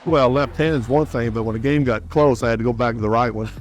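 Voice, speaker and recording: A former basketball player tells an interview anecdote with a dry, understated delivery. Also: male voice, mid-range voice, fast talker, soft background music.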